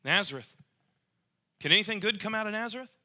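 A male preacher delivering a sermon in a high voice. His tone is very bright and sharp. He talks in an animated way, acting out the people in his story and climbing toward near shouts. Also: quick pace.

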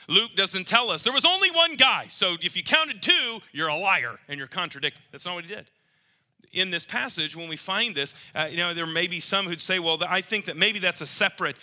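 High, bright, animated male preacher. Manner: animated, acts out quoted voices, rising to near shouts. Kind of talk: sermon.

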